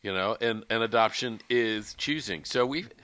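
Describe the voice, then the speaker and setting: A man co-hosting a relaxed faith podcast, chatting, joking lightly and reading verses aloud. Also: lowish voice, moderate pace, dry recording. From California. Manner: conversational, reads scripture aloud, jokes lightly. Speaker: podcast co-host. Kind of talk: casual faith discussion.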